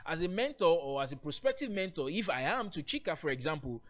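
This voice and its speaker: A man's voice: on the high side, big pitch swings, fast. A man leading a live online session on mentorship, talking earnestly and often repeating and restarting his phrases. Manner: earnest, repetitive, stammers and restarts.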